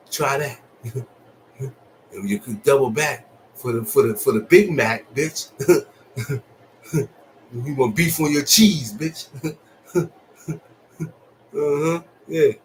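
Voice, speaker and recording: A man giving blunt, profane relationship advice in a casual monologue, moving from calm and low to loud and high. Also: takes it slowly, pauses often, slight background noise, rough recording. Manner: profane, blunt street talk with lots of laughing. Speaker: vlogger.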